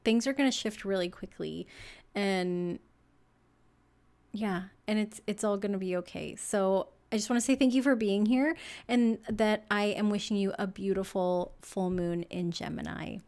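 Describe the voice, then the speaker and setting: A young woman talks softly and loosely through an astrology reading, her sentences wandering and padded with "like" and "um". She is emotional and near tears, her voice welling up as she goes. Her pitch sits in a middle range for a woman. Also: normal speed. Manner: soft, rambling, full of "like" and fillers. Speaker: tarot reader.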